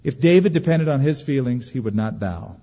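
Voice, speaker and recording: Husky-voiced man preaching with lively pitch. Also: in a large hall, dull audio. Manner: folksy, humorous preaching with dramatic pauses. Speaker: pastor. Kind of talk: sermon.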